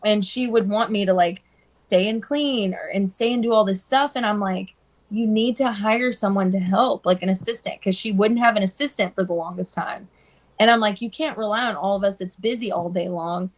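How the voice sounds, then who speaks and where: Chatting casually on a live stream through her phone, a woman hairstylist speaks at normal speed in a medium pitch. She tells stories with lots of animation, playing the people she quotes.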